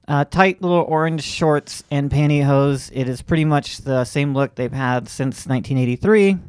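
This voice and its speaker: A man's voice: on the high side, normal speed, a little mellow, smooth, no echo, clean studio sound. A man from Florida hosting a comedy podcast, chatting wryly with lots of fillers and restarts. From Central Florida. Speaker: podcast host. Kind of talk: casual comedic chat.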